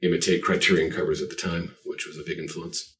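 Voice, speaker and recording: A man's voice: low voice, flat delivery, quick pace, a bit bright. A man guest on a podcast interview, telling rambling, self-deprecating stories. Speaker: guest artist. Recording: voice distant from the mic.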